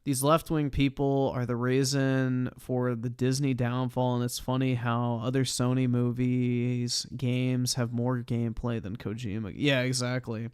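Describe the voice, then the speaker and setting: A man's voice: mid-range voice, little pitch movement, a little slow, hardly any pauses, darkish tone, smooth, dry recording, studio quality. A man streaming live, reacting to a video in a sarcastic, profane, exasperated way.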